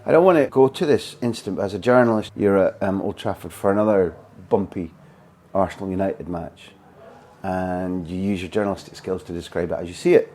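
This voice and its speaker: A man's voice: deep voice, fairly quick, mellow. A man from Scotland with a mild Scottish accent, hosting a podcast and asking articulate, playful questions. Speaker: podcast host, interviewer. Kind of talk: interview questions.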